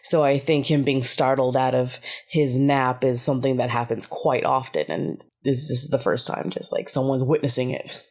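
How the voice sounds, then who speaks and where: A woman in a casual podcast chat, thinking aloud about a film character with halting restarts. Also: very deep voice, steady tone, darkish tone.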